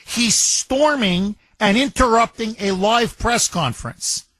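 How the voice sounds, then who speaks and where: A man hosting political talk radio in a high, bright, forceful voice. He hammers his points and repeats phrases for emphasis. The studio sound is close and dry. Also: slow, dry recording. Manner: emphatic, repetitive, animated retelling with quoted voices. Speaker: radio talk show host.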